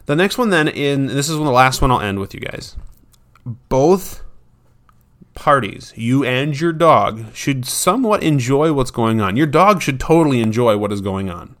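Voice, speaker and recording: A dog trainer offers casual advice in a chatty, self-deprecating way, now and then acting out what his dog would say. His voice is medium-pitched and a bit bright.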